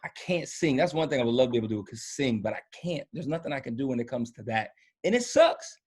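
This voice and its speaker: A man's voice: medium pitch, sing-song, fast, darkish tone, slightly rough. A young man talking casually as a podcast guest, telling loose, slangy stories with plenty of fillers. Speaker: podcast guest, former college football punter. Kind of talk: casual chat.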